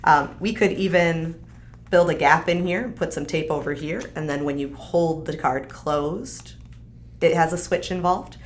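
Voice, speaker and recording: A woman's voice: low voice, a little slow, slight background noise. A woman hosting a live stream, chatting upbeat and casually as she demonstrates a craft kit. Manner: upbeat, chatty, frequent fillers. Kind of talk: casual product demo.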